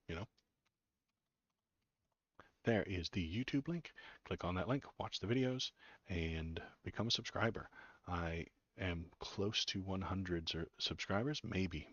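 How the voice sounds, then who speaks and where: A low-voiced man hosting a casual livestream, ranting with sarcastic disgust and joking with his chat. His voice is dry and close, with no room sound. The audio is a bit dull and muffled. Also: normal speed, fairly bright tone, dry recording. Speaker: political livestream host.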